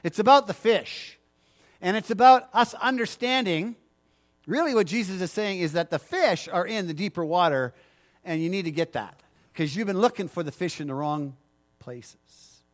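A man's voice: high voice, normal speed. A middle-aged male pastor preaching a sermon, emphatic and repetitive, asking the congregation for agreement.

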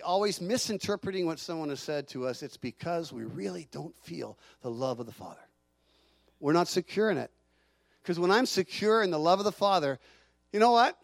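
A middle-aged man preaching a sermon in an animated way, sometimes acting out the voices of the people he quotes. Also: high-pitched, no room sound. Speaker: pastor.

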